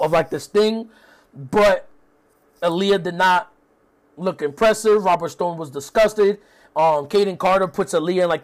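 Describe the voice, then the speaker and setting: A young man with a fairly high voice talks through a wrestling episode in a casual recap. He keeps it loose and full of swearing, with many fillers along the way. His tone is offhand, as if chatting to a friend. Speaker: wrestling show reviewer.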